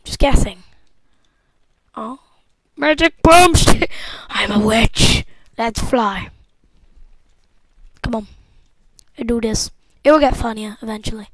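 A young woman giving casual, jokey let's-play commentary from home, excitable and talking back to the game as she plays. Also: fairly high pitch, slow pace, long pauses, no room sound, rough recording. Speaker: gameplay commentator.

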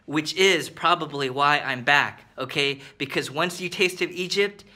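A man's voice: fairly high pitch, measured pace, bright, forceful tone. A man from Korea hosting a vlog, chatty and friendly, often checking in with "okay?". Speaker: vlog host. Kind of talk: casual vlog narration. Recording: noisy background.

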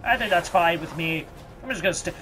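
A let's play host giving casual gameplay commentary, reacting loudly, swearing and talking back to enemies. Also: medium pitch, fairly quick, loud music behind the voice.

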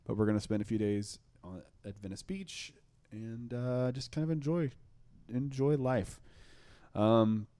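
A young man with a mid-range, mellow voice hosts a podcast, speaking a little slowly. His casual chat is enthusiastic and rambling, full of restarts.

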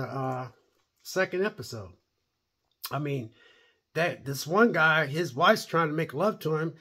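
A man's voice: on the high side, fairly bright tone, husky. A man giving a rambling, blunt, opinionated spoken review of a TV series. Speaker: show reviewer.

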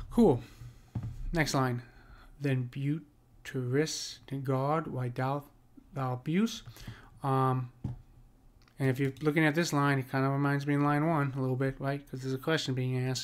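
Smooth and medium-pitched, a man teaches a casual on-screen lesson on poetic meter. He's conversational, often asking "right?", and slows down to read lines of verse aloud.

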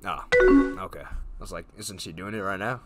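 A man with a low voice casually talks through a story game as he plays. He reads chat lines aloud and throws in quick offhand reactions and the odd swear. Loud game music plays behind him along with keyboard typing. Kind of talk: casual let's-play commentary. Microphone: desk mic with face cam.

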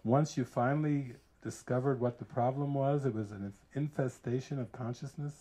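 A man, a spiritual teacher, giving a casual talk full of animated stories and frequent laughter. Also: mid-range voice, moderate pace. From United States. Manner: animated storyteller who laughs often.

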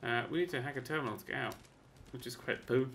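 Guy rambling thru a game, mid pitch, swears a lot, yelps when stuff jumps out, keyboard clacking and noise in the background. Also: fast talker, vocal fry. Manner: chatty, excitable and sweary, with sudden yelps and mock-boastful asides. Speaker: let's play host. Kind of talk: casual gameplay commentary.

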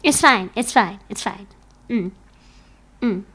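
A woman's voice: mid-range voice, slow, a bit bright, breathy edge. A young woman streaming from home into a desk microphone, chatting casually and playfully with her viewers, often giggling.

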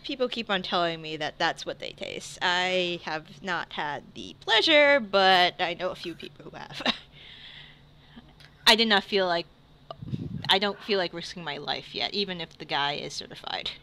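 A woman's voice: fairly low pitch, animated, normal speed, bright, forceful tone. A woman running a tabletop game as game master, giggly and hesitant, with many fillers.

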